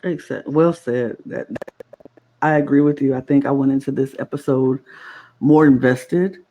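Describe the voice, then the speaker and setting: A man's voice: mid-range voice, moderate pace, warm tone. A man co-hosting a podcast in casual chat, speaking earnestly and appreciatively. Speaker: podcast co-host. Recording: muffled lo-fi audio.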